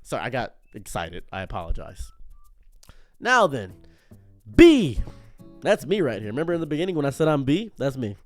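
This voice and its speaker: A man giving an unscripted commentary monologue as a streamer, animated and prone to tangents, often stopping himself mid-sentence. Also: mid-range voice, moderate pace, long pauses, dry recording, clean studio sound, faint music behind.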